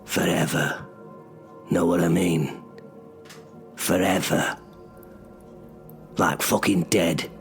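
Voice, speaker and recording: A man narrating in first person as a bitter cursed sorcerer stuck in menial work, sardonic and sweary in an audio drama. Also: lowish voice.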